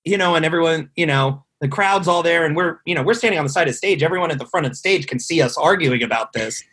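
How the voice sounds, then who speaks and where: As a podcast guest, a man tells a long, rambling tour story in a casual way, swearing often and filling it with fillers. His voice is on the high side, fast, fairly bright, and slightly rough.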